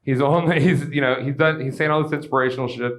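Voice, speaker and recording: A young man from Georgia doing a stand-up comedy set on stage, animated, with shouted bits and quick asides. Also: medium pitch. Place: comedy stage with a live audience.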